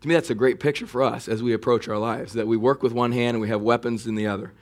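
A man delivers a sermon in an easy, conversational voice at a middle pitch. He talks to the congregation like he's chatting with them, leaning into points with extra emphasis. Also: fast. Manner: conversational preaching, animated when mocking enemy taunts. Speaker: pastor.

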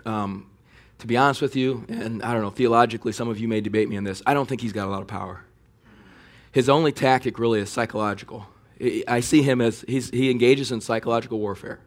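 A man preaching a sermon in a conversational way, building to animated emphasis. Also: medium pitch. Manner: conversational preaching, animated when mocking enemy taunts. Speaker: pastor.

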